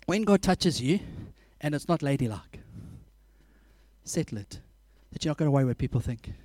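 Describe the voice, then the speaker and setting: A man preaching a sermon, telling animated stories, laughing often and acting out scenes. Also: a little high, normal speed, no room sound.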